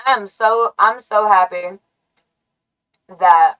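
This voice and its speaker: Slow, brash, taunting woman streamer. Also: mid-range voice, a bit bright, clean tone, poor audio. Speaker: live streamer. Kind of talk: rambling livestream rant.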